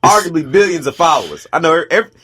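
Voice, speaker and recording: Relaxed man talking on a radio show. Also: fairly high pitch, fast talker, husky. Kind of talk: casual chat.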